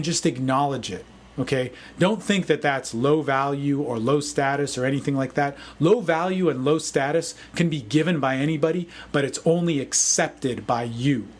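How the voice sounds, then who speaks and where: Upbeat motivational man, slightly high. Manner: energetic, motivational, says "man" often. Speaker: dating coach. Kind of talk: casual video talk answering a forum question.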